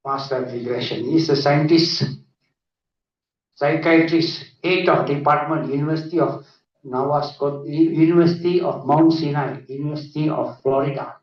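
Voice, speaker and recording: A man giving a lively conference lecture full of anecdotes, often asking "isn't it?". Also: on the high side, moderate pace. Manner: animated, often adds 'isn't it?'. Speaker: conference speaker. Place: conference hall. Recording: echoey hall, distant dull mic.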